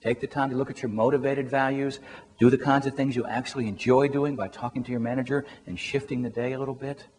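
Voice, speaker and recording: A man working as a career coach, telling a lively personal anecdote and chuckling through it. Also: mid-range voice, fast, in a large hall, slight background noise. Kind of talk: motivational storytelling talk.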